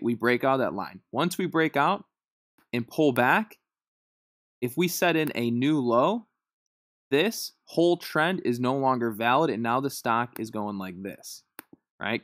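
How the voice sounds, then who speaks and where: A man's voice: mid-range voice, a little slow, fairly bright tone, no room sound. Man, trading tutor, casual chart walkthrough, dry close sound. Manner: loose and chatty, often checks in with "right?". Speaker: stock trading instructor. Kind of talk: casual screen-share chart lesson.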